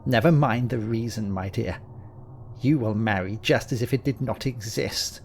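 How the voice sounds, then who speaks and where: A man voicing a hateful, dying old aristocrat who speaks slowly and low, sinking into a whisper. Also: a little hiss or hum, close to an everyday voice. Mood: sinister. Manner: slow, low, whispering menace.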